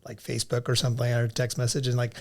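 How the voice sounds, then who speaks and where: A man's voice: mid-range voice, completely flat delivery, fast, vocal fry, darkish tone. A man from Guam co-hosting a podcast in a friendly, chatty way. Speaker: podcast co-host. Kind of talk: casual podcast chat.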